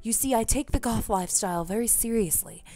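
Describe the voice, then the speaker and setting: Woman doing a posh British goth gentleman dad, pompous, formal, lofty. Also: fairly high pitch, brisk, natural voice. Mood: grandly apologetic. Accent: put-on British. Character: gothic male dad, formal and dramatic. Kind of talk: reading a dating game aloud in voices.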